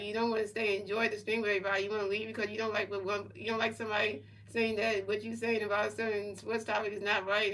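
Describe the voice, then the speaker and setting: A woman's voice: mid-range voice, a bit bright, distant mic, rough recording. A woman streamer in casual chat, rambling and repeating herself as she answers her chat. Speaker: livestreamer.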